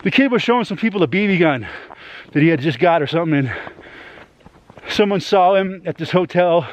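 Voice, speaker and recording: A man's voice: sits high, animated, fairly quick. A man venting to his YouTube audience in a rambling, heavily profane monologue, ending many lines with "man.".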